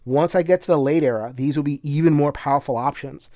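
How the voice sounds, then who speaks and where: A man's voice: a little high, fast, mellow, no room sound, clean studio sound. A man casually talking through a solo board game, chatty and full of filler words, bursting into laughter now and then. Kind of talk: casual solo playthrough commentary.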